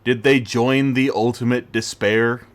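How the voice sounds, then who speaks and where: A man's voice: mid-range voice, fairly even intonation, a little slow. A man hosting a casual gaming stream, rambling with restarts and tangents as he thinks aloud.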